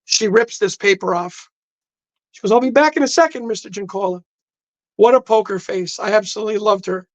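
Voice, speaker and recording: A man's voice: high-pitched, fairly quick, no room sound, poor audio. A man on a podcast telling a personal story intensely, acting out the dialogue as he goes. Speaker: podcast guest. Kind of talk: storytelling in casual chat. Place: podcast studio.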